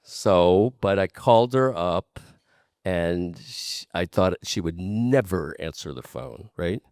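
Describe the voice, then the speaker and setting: A man's voice: low voice, slow pace, a little mellow, dry recording, studio quality. A man speaking as a guest in a candid conversation, earnest and repeating points for emphasis, with casual swearing.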